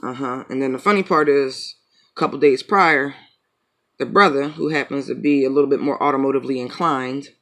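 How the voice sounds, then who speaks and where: A man's voice: mid-range voice, brisk, sharp tone. Joking, foul-mouthed tarot-reading man. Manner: joking, profane, rambling. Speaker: tarot reader. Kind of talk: casual chat and tarot reading.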